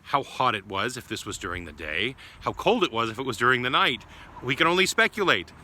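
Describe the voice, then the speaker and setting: A man, an Orthodox priest, giving a short homily as a gentle, affectionate storyteller. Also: mid-range voice, very animated, fairly quick. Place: church grounds.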